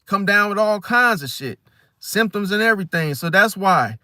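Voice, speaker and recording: Casual male vlogger, rambling and profane, slangy delivery; high voice with a sharp edge. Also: moderate pace, no echo, studio quality. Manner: streetwise slang, rambling, animated, swears freely. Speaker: astrology vlogger. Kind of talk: casual monologue.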